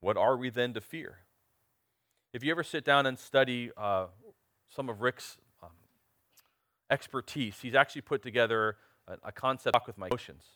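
A man's voice: medium pitch, moderate pace, pauses often, sharp tone, dry recording, clean studio sound. A man in his forties preaching a sermon, earnest and emphatic, asking the congregation direct questions. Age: 40s.

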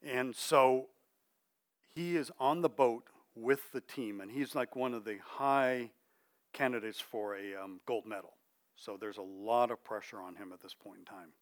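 A middle-aged man's mid-range voice carries a sermon at a measured pace. His style is conversational and chatty, he checks in with listeners, and he goes quiet and soft to emphasize things.

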